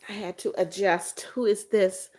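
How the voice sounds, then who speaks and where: A woman's voice: mid-range voice, steady tone, a little slow, dark tone. Chatty American woman hosting a livestream. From United States. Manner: chatty, repeats greetings and names, coaxing viewers. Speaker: livestream host. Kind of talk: casual livestream chat reading comments.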